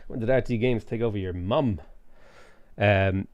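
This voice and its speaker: A man's voice: on the low side, unhurried, no echo. A man casually chatting on a livestream while gaming, rambling and swearing freely, with jokey asides to chat. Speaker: streamer.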